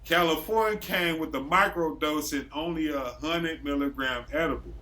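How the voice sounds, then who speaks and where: A man's voice: a little high, moderate pace, bright, forceful tone. A man from Racine, Wisconsin, a podcast host telling a story in loose casual chat, acting out the quotes and swearing freely.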